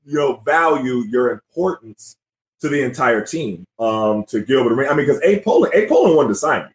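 A man's voice: medium pitch, a little fast. A man in his forties hosting a casual sports interview. He tells old stories with a lot of energy and keeps asking "you know what I mean?". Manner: animated storytelling, often says "you know what I mean". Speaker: podcast host, former NBA player. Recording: roomy echo.

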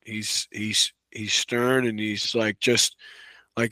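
A man talking as a wrestling coach and podcast guest in a relaxed, casual way, full of "you know" and "right.". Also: lowish voice, slow, dry recording. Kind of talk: casual conversational interview.

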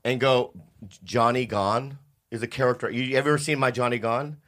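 A man's voice: medium pitch, fairly even intonation, brisk, fairly bright tone. Comedian guy on a podcast, blunt and swears a lot, normal voice, kinda rambly. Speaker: comedian guest. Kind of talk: casual podcast chat.

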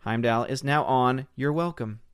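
A man in his thirties chats on a live stream, upbeat and loose, reading out viewers' comments with playful little voices. His voice sits at an ordinary middle pitch. It is recorded close and dry, with no room sound around it. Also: unhurried, smooth, no echo. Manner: chatty, upbeat, reads chat aloud with playful voices. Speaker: livestream host.

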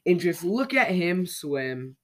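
A storyteller reading a children's story and voicing an excitable, reassuring father bird. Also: medium pitch, slow, slight background noise. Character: proud, eager father bird.

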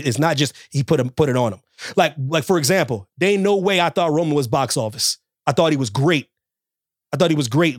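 A male podcast co-host chats casually, recorded with studio quality and no room sound. He's animated and emphatic, repeats himself, and breaks into high, mocking quoted voices.

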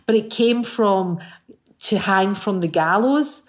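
A woman in her fifties with a Scottish accent, a singer chatting as a guest, telling animated stories full of restarts. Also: mid-range voice, slow. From Scotland. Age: 50s. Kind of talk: casual interview chat.

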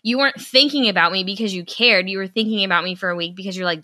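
Her voice is mid-range with no echo: a young woman co-hosting a podcast, telling a story in casual chat. She's animated, quick to imitate what others said, and swears when she gets annoyed.

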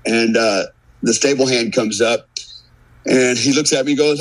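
A man's voice: mid-range voice, normal speed, no echo, poor audio. An American man telling a long, profane story in a casual podcast chat, acting out the quotes. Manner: profane, animated anecdote teller acting out quotes. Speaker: guest.

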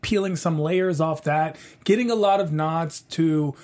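A man's voice: fairly high pitch, measured pace, darkish tone. A man talking as a panel guest in a casual chat, enthusiastic, dropping slang and running long thoughts together.

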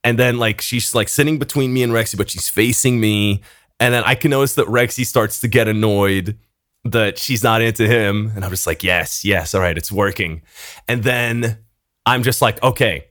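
A young man, a podcast co-host, telling an animated story in casual chat, swearing often and laughing between lines. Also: fairly low pitch, no room sound, clean studio sound.

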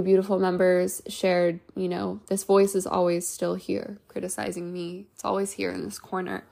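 Gravelly-voiced woman podcast host. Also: medium pitch. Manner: gentle, reflective, speaks in loose flowing sentences with frequent "like" and "you know". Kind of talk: casual self-help podcast talk.

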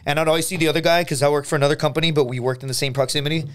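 An American man, a podcast co-host, telling a story in casual chat, animated and full of restarts, acting out his friends' lines. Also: a little high, very fast, clean tone. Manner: animated, restarts a lot, acts out quoted friends.

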